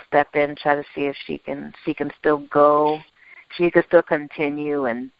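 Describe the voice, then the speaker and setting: A woman chatting casually as a podcast co-host, excitable and gushing, laughing often. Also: sits low, clear, resonant tone, no room sound. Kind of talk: casual chat. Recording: dry lo-fi recording.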